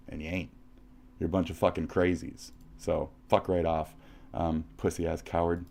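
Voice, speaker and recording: A man's voice: low-pitched, level tone, normal speed, creaky, darkish tone. A man from the United States, livestreaming, who rants profanely at someone, taunting and repeating his insults. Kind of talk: profane reaction rant.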